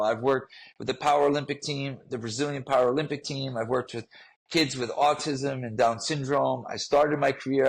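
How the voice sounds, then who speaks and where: A fitness trainer appears as a podcast guest, telling a personal story in an earnest, emotional way and often repeating himself. His voice is mid-range and husky, and the recording is rough.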